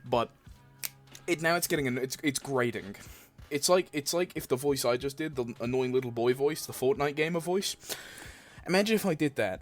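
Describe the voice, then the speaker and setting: A man's voice: medium pitch, lively intonation, normal speed, faint music behind. A young man hosting a reaction video, blunt and sarcastic, swearing often. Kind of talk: reaction commentary.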